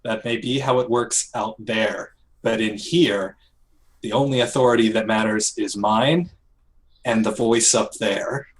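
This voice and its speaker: Guy playing a bossy prison officer, curt and lowish, a bit off mic, tabletop game. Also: fairly even intonation, a little slow, close to an everyday voice, rough recording. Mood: menacing. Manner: curt, domineering. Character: harsh male prison officer, authoritarian.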